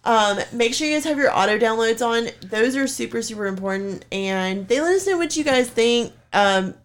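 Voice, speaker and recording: A woman's voice: fairly high pitch, animated, normal speed. A woman co-hosting a podcast in casual chat. She talks loosely, swears freely and fills her sentences with "like". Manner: loose and chatty, swears freely, many "like" fillers. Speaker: podcast co-host.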